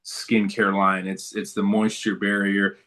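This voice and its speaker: A man's voice: on the low side, monotone, a little slow, a bit bright. A man talking as a guest in a casual interview, telling stories in a laid-back, good-humored way.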